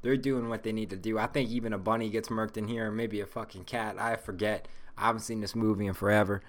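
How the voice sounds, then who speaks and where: Low-voiced stoned profane podcaster. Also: male voice, fairly even intonation, fast talker. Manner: rambling, heavily profane, stoned. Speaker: podcast host. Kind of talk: casual solo podcast rant.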